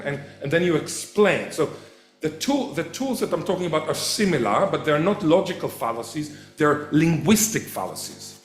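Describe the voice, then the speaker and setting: A man giving a public lecture as a professor, animated and quick to act out the voices he quotes. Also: on the high side. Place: event hall. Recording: echoey hall.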